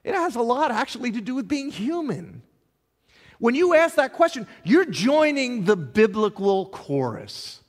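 A middle-aged man, a pastor, preaching a sermon with passion, stumbling over repeated words and swinging between loud and soft. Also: extremely high pitch, very animated, unhurried. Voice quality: impassioned, with dramatic swings in loudness and repeated words. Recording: long hall reverb.

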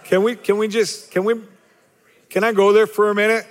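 A man's voice: high voice, little pitch movement, normal speed, big-room sound. A male pastor preaching a sermon, asking the congregation rhetorical questions, repeating key phrases for emphasis, and joking at his own expense. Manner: self-deprecating humor.

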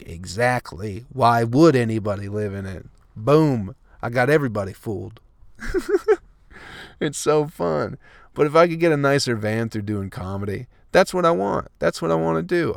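A man's voice: mid-range voice, vocal fry, no echo, studio quality. A young man, a comedian and host, talking in a casual comedic monologue, swearing freely, ranting and laughing at his own jokes.

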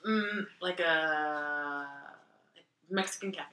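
A young woman co-hosting a podcast in casual chat, with a dry, deadpan, sassy manner. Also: low-pitched, very slow. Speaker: podcast co-host. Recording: roomy, distant mic.

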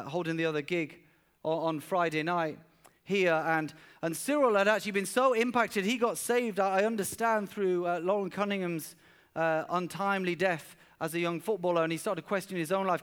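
High-voiced pastor preaching. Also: male voice, steady tone, normal speed, fairly bright tone, clear, resonant tone. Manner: earnest storyteller, often repeats words while speaking. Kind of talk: sermon. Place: church service.

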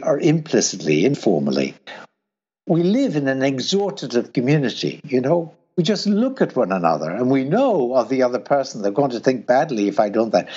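A man with a husky voice explains ideas in a lively, swooping way, his pitch rising high when he acts out urging someone on. The recording sounds dull and lo-fi. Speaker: guest philosopher. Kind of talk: explanatory conversation.

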